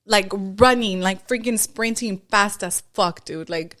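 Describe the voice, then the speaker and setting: A woman's voice: medium pitch, unhurried, fairly bright tone. Slangy young woman in casual chat. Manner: slangy, says "dude" a lot. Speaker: podcast co-host.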